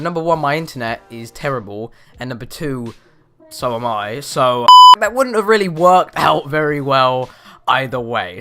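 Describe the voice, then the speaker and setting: A teenage boy rambling in casual chat from his bedroom, animated and exaggerating with slang. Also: a little high. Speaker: vlogger.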